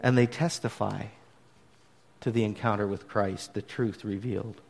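A man preaching a sermon, retelling scripture in an animated way that swings from hushed to emphatic. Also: on the low side, normal speed, creaky, long reverb tail. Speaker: pastor.

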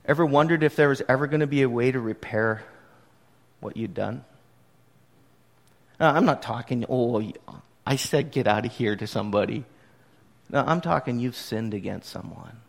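A man preaching a sermon to his congregation in an expressive, conversational storytelling manner. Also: medium pitch, gravelly. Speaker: pastor. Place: church service.

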